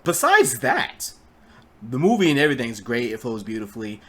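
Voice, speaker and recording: A man with a husky, breathy voice talks through a casual film review at a middle pitch. He rambles, stumbles over his own words, and speaks bluntly, with profanity. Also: very animated, moderate pace, bright, forceful tone. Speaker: movie reviewer.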